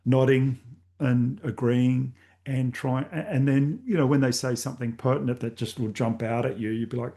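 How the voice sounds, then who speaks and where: A man guesting on a podcast, speaking casually and loosely. He works through his points with easy filler phrases. His voice sits at an ordinary mid pitch for a man. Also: normal speed, vocal fry. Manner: relaxed, conversational, with filler phrases. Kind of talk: casual interview chat.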